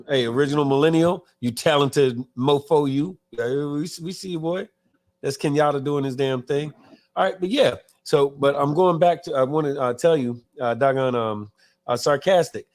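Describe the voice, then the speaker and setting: A man co-hosting a live online biker talk show, chatting loosely, reading viewer comments aloud and cursing casually. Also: mid-range voice. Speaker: podcast co-host. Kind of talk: casual live-stream chat.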